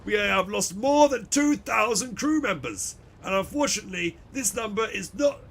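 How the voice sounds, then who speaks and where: A man voicing a weary male ship administrator in a game, speaking slowly and formally. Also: sits high, lively intonation, vocal fry, a bit bright, slight background noise, pitched above the performer's own voice, heavily acted.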